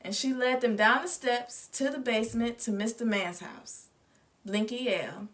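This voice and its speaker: A woman reading a storybook aloud with expressive, lively narration. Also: fairly high pitch, normal speed. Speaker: reader. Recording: distant mic.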